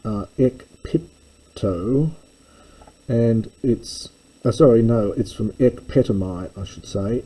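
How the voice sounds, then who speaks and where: A man reading through a classical text line by line and explaining it, measured and thinking aloud, stopping often to correct himself. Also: on the low side, warm tone, breathy edge, rough recording. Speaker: classics lecturer.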